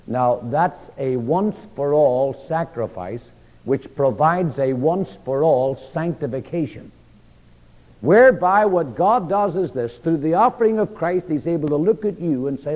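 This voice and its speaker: A man's voice: on the high side, animated, measured pace, a little mellow. Preaching man in an echoing hall. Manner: call-and-response questions, emphatic repetition. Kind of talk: sermon. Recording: dull long-reverb church hall recording.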